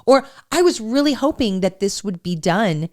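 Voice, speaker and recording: A woman co-hosting a marriage podcast with her husband, chatting in a playful, animated way. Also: medium pitch, moderate pace. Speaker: podcast co-host, wife. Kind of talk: casual chat.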